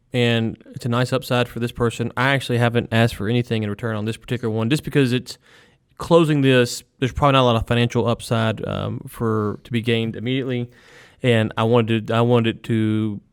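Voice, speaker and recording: A man's voice: mid-range voice, clean tone, no room sound, clean studio sound. A middle-aged man co-hosting a business podcast, chatting in a loose, joking way with plenty of fillers. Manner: chatty, jokey, trails off with fillers. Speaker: podcast co-host. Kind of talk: casual business chat.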